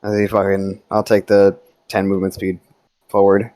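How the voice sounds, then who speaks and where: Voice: low voice, monotone, normal speed, mellow, no room sound. A player in a tabletop game, talking casually and swearing freely.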